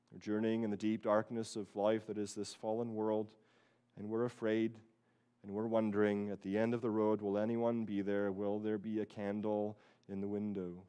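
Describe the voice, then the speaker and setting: A man, a pastor, preaching an earnest sermon, repeating key phrases for emphasis and swinging from quiet, low passages to loud, high bursts. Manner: earnest preaching that rises loud and high on quoted voices, then drops low.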